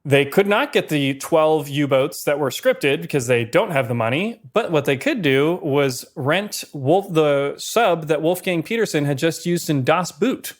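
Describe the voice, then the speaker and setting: Male podcast co-host, slightly high voice, brisk and dry, running through trivia. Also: expressive. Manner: brisk, reads from notes with dry asides. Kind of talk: casual film-history chat.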